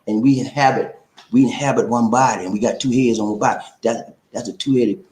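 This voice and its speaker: A man from South Carolina hosts a relationship advice livestream in casual talk, preachy yet playful, breaking into rhyming chants and tacking "okay?" onto every point. His mid-range voice is steady and darkish, and he speaks fairly quickly. The room is echoey.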